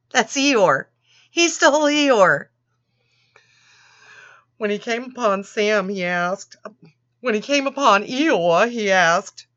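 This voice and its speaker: A woman's voice: medium pitch, bright, forceful tone. A woman reading a children's storybook aloud with sarcastic, swearing commentary, laughing often. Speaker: channel host reading a storybook. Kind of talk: mocking read-aloud of a children's book with commentary. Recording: dull lo-fi recording.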